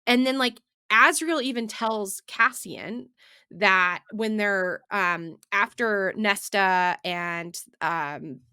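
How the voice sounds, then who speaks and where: A woman's voice: mid-range voice, slow, clean tone, dry recording, clean studio sound. A woman co-hosting a podcast, chatting casually about books with many fillers and restarts. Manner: animated, lots of fillers and restarts. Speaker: podcast co-host. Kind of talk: casual book discussion.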